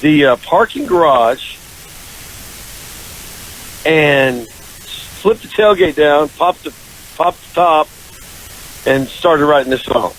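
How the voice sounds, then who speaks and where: A male country singer telling a long story in a casual radio interview, animated, slipping into high voices for the people he quotes. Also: takes it slowly, pauses often, slight background noise, low-quality recording. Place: radio studio.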